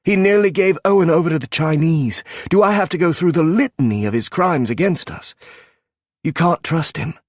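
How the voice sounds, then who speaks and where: A man's voice: mid-range voice, normal speed, husky, no echo, studio quality, voice pushed up, close to an everyday voice. A male narrator voicing a guarded former woman assassin who pleads and argues with rising emotion. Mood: heated.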